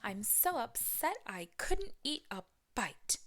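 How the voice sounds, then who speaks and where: A woman's voice: fairly high pitch, very animated, slow pace, fairly bright tone, voice pushed up, exaggerated voice. A woman voicing a fussy, dramatic mother bear in a storybook, wailing her lines. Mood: indignant.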